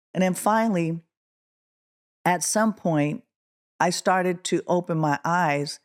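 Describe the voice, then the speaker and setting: A woman's voice: unhurried, pauses often. A middle-aged woman from Oakland, California, a guest musician telling a story in an interview, acting out the quotes with a rising voice. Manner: animated, acts out quotes with rising pitch.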